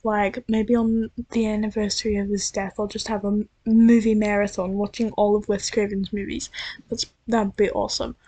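A woman's voice: medium pitch, flat delivery, normal speed, dark tone. A young American woman with a slight drifting British-sounding accent, rambling casually into her computer's built-in mic at home, chatty and self-deprecating with many restarts. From United States. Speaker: vlogger. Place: at home at night. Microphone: built-in computer microphone.

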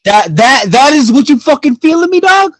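Man improvising an enraged fired employee, yelling, swearing, very high and loud. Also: big pitch swings, moderate pace, no echo, heavily acted, poor audio. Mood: furious. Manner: shouting, indignant, cursing. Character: furious man just fired from his job.

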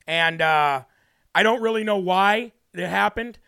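A man hosts a political talk show in a brash, preachy style. His voice sits high for a man and has a gravelly rasp. He also tells personal stories at length. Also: unhurried, sharp tone. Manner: brash and preachy, then storytelling. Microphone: studio mic.

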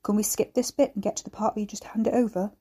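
A woman voicing a resentful, menacing young man who speaks in a gruff, grating way and snaps threats. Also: mid-range voice, steady tone, fast, dark tone, close to an everyday voice. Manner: snapping, threatening.

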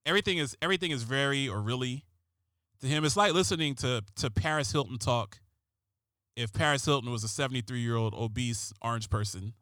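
A man hosts a comedic political monologue in a sarcastic, rambling way, tripping over his restarts. His voice sits at an ordinary middle pitch, and the sound is dry and close with no room around it. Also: fairly quick, sharp tone, no echo.

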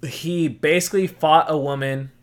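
A man's voice: fairly high pitch, steady tone, normal speed, clear, resonant tone. A man hosting a podcast, bantering loosely with friends, swearing freely and laughing often. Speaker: podcast host. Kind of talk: casual chat.

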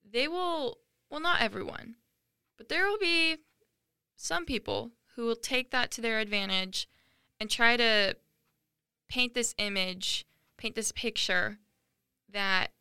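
A woman's voice: mid-range voice, sharp tone, clean tone, dry recording, studio quality. A teenage girl talking casually and candidly about her own life, chatty and self-deprecating. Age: teens. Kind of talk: casual personal monologue.

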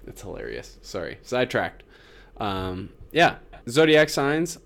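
A man's voice: mid-range voice, huge pitch swings, measured pace, creaky, fairly bright tone. A young man co-hosting a casual podcast, rambling and laughing often as he trails off and restarts. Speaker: podcast co-host.

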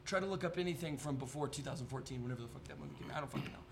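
A man's voice: on the high side, rapid-fire, gravelly, a little hiss or hum. A young man hosting a podcast, chatting casually and telling jokey stories full of swearing. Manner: profane, rambling, jokey storytelling. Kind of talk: casual chat.

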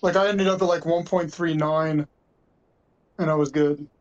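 A man chatting casually with friends, telling quick rambling stories. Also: a little high, fairly even intonation, a little mellow, lo-fi sound. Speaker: podcast co-host. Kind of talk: casual chat.

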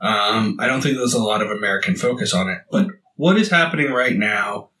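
A man's voice: on the low side, lively intonation, a little fast, sharp tone. A man co-hosting a podcast, blunt and joking in casual chat. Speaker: podcast co-host. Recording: roomy, distant mic.

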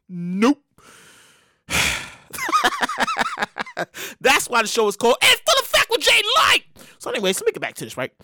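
A man hosting his own podcast, telling a story in an excitable, slangy and profane way. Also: very high voice, no echo, clean studio sound. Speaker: podcast host. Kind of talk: casual comedic podcast monologue.

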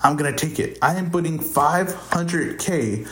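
A man's voice: on the high side, unhurried, fairly bright tone, a little hiss or hum. A man hosting a podcast, casually talking through his fight predictions and thinking aloud as he goes. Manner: offhand, thinking aloud, stumbles over fighter names. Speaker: podcast host. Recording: roomy echo.

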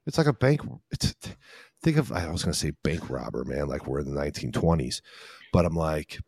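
Low-voiced podcast host, animated and rambling. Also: male voice, fairly quick, creaky, husky, no room sound, studio quality. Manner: animated, emphatic, rambling tangents with profanity. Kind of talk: casual podcast discussion.

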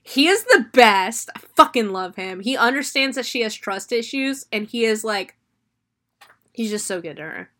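A young woman co-hosting a casual movie review podcast, excitable and giggly, acting out characters' lines as she talks. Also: fairly high pitch, moderate pace. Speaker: podcast co-host.

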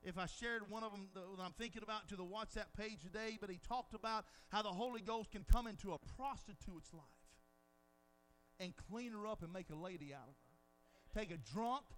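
A man preaching a sermon, dramatizing scenes with quoted dialogue and swinging from hushed lines to shouted peaks. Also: high voice, a little hiss or hum.

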